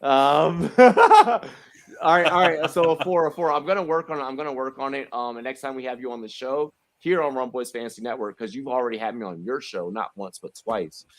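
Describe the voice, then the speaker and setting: A man hosting a casual livestream chat, animated and repeating himself, with many fillers. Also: mid-range voice, fast, hardly any pauses, no echo. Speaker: host.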